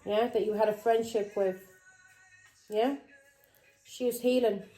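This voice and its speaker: Accusing woman tarot reader, warm voice. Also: mid-range voice, steady tone, unhurried, faint music behind, low-quality recording. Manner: accusing, confrontational, keeps asking "Yeah?". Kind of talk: tarot reading monologue.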